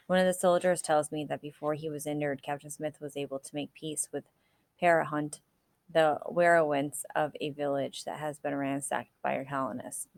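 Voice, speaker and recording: Woman, low pitch, dry close sound, reads fiction aloud, measured, small self-corrections. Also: dry recording. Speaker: audiobook reader. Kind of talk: reading a novel aloud.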